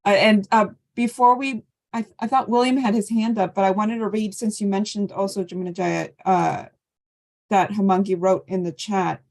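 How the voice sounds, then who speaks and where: A woman's voice: medium pitch, fairly even intonation, moderate pace. Woman leading an online scripture class. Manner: warm thanking and inviting sharing. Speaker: class leader.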